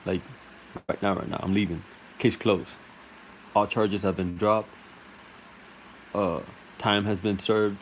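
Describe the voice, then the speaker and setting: Comic storyteller: a man with a lowish voice, rambling and loose, faint air-conditioner hum behind. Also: steady tone, takes it slowly, pauses often, poor audio. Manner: rambling, full of fillers and laughs.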